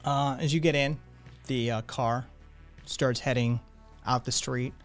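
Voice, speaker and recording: A male game master narrates a tabletop game in a mid-pitched voice. He talks loosely, restarting phrases and filling gaps with ums, while faint music plays underneath. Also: steady tone, a little slow. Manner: loose, filler-heavy narration with many restarts.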